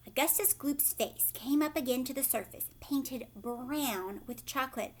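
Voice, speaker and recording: A woman teacher reading a chapter book aloud to children, pausing to ask questions in whispered asides. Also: high-pitched.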